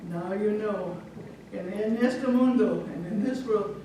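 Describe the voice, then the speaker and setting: A woman playing a calm, clever mother who speaks firmly in Spanish and English, heard from far off in an echoey hall. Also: mid-range voice, a little slow, background noise, lightly acted. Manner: firm and steady, Spanish then English.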